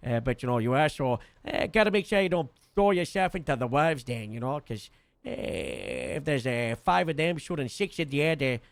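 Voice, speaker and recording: A man's voice: medium pitch, very animated, moderate pace, gravelly, no echo. A man playing a police captain in a role-play, giving a casual briefing that rambles, full of "uh" and "you know".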